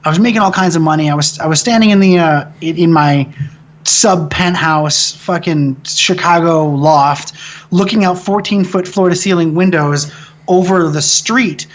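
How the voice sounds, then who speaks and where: Relaxed in an interview, a Midwestern American film director talks through a personal story at normal speed, his voice on the high side. He swears freely and rambles with animation, frequently restarting sentences.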